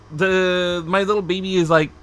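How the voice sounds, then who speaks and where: A man's voice: sits high, fairly even intonation, slow, a bit bright. A man streaming casually, chatting animatedly and cooing at his cat. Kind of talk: casual live-stream chat. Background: faint background music.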